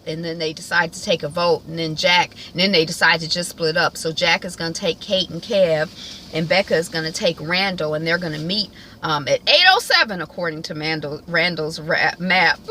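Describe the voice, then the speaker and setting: A woman's voice: lowish voice, bright, forceful tone, slight background noise, rough recording. A woman at home giving a casual, colloquial recap of a TV episode, chatting and acting out the characters' lines. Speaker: TV recap vlogger.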